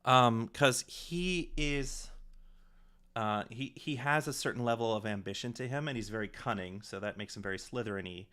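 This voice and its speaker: A man's voice: medium pitch, moderate pace, sharp tone. A man giving casual livestream commentary as a director, thinking aloud with frequent fillers and restarts. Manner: hesitant, many fillers, dictates a message aloud.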